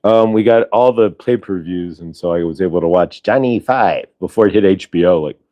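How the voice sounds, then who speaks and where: Low-voiced man rambling casually. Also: a little fast, dry recording, lo-fi sound. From Ohio, US. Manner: rambling, with many restarts and tangents. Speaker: host. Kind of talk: casual chat.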